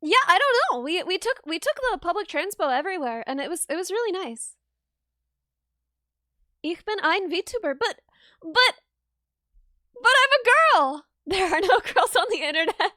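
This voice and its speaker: Very high, bright-voiced giggly woman. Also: animated, moderate pace, no room sound, clean studio sound. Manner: giggly, bubbly, self-deprecating. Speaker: streamer. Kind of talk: casual livestream chat.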